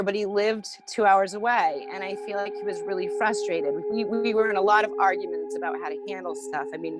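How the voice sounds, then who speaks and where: A woman's voice: medium pitch, rough recording. A woman being interviewed, recounting a personal ordeal in an earnest way, with frequent fillers. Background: music.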